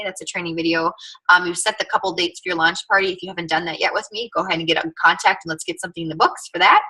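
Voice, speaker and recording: A young woman talks new team members through their first steps in a casual, earnest coaching tone, scattering filler words as she goes. Her voice sits a little low but sounds bright and forward, with a breathy edge. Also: rough recording. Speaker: team leader training new distributors. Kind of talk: casual training talk to camera.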